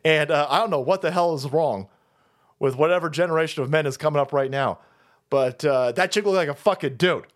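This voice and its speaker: A man's voice: on the high side, a little fast. A man hosting a stream, ranting crudely with mocking asides and frequent laughter. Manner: crude, mocking, laughs often, mimics people in voices. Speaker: streamer host. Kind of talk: profane ranting commentary stream.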